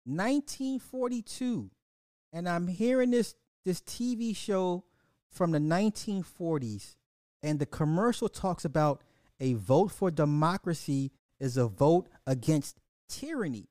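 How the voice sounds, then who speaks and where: Casting: slightly high-voiced male podcast host, profane, animated live-stream rant, dry close sound. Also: measured pace, no echo. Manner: profane, animated, repeats and restarts a lot; talks straight to the audience, laughs at his own points.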